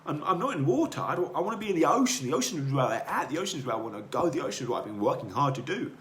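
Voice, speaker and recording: A man voicing a small, restless young goldfish that keeps insisting in a high, breathless voice. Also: very animated, rapid-fire, a bit bright. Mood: eager. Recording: roomy echo, faint noise.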